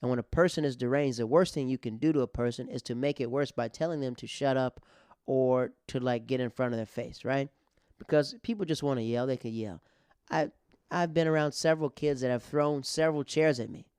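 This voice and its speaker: A man in his role as comedian and podcast host tells a story in a loose, conversational way, often restarting his sentences. His voice is smooth and resonant, at a middle pitch. The sound is dry and close. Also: brisk, darkish tone, no room sound. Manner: rambling, conversational, with many restarts and fillers. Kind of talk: casual storytelling monologue.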